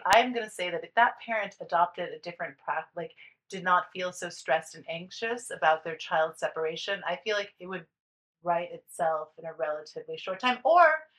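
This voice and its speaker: A woman's voice: fairly low pitch, expressive, normal speed, a bit bright, low-quality recording. A woman co-hosting a parenting podcast who once worked as a nanny, talking in a casual, emphatic way with frequent restarts. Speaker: podcast co-host, former nanny. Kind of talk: casual chat.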